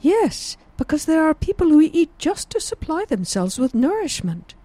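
Woman doing a sing-song Frenchwoman, high and mellow. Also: very animated, normal speed, dry recording. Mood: eager. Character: enthusiastic chatty Frenchwoman.

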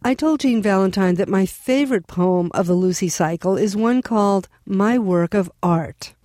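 Woman radio host, mellow voice. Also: mid-range voice, normal speed, no echo, studio quality. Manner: scripted introduction, gentle questions. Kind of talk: radio interview.

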